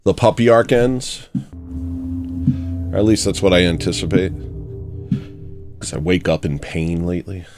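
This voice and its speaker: A man hosting a satirical livestream, telling stories in a sarcastic, deadpan way from a room at home. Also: low voice, measured pace, pauses often, over music. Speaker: livestream host.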